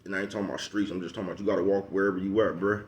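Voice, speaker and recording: Low-voiced man preaching blunt street advice. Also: fairly even intonation, very fast, a little hiss or hum. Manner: profane, preachy, repeats "you know what I'm talking about"; slangy, calls listeners bruh and folks. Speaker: vlogger giving street advice. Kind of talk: casual advice monologue.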